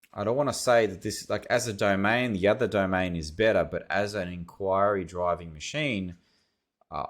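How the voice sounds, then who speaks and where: A man with an Australian accent reviewing websites as an SEO consultant, thinking aloud in a casual, rambling way. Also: fairly low pitch. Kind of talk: casual screen-share commentary.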